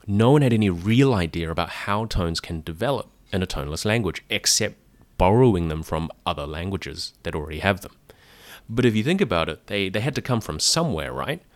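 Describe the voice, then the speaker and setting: A man's voice: lowish voice, no room sound. A man hosting a podcast, patiently explaining in a casual monologue, spelling out words and demonstrating sounds. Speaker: podcast host.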